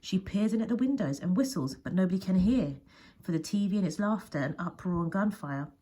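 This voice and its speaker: A woman's voice: medium pitch, expressive, a little fast, mellow, husky. A woman teacher reading a picture book aloud with expression, often dropping to a whisper. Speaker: primary school teacher.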